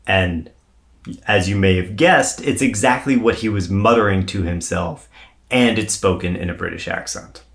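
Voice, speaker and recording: A man with a fairly low voice walks his co-host through a strange story. His delivery is loose and conversational. He swears casually and builds the suspense as he goes. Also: normal speed, fairly bright tone. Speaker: podcast co-host.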